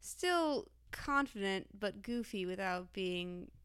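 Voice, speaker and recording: A woman's voice: medium pitch, expressive, slow, a bit bright, smooth, no echo, studio quality. A woman co-hosting a casual review chat, articulate and a little wry.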